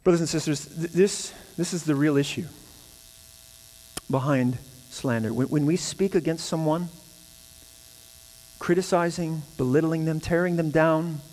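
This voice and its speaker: A man preaching a sermon as pastor, building to emphatic, repeated phrases. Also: on the high side. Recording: hall reverb with mains hum.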